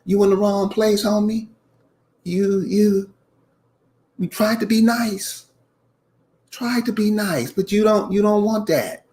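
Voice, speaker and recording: Speaking slowly with frequent pauses, the channel host has a high-sitting, warm voice. His casual rant is preachy and emphatic, full of repeated lines and direct calls to "y'all."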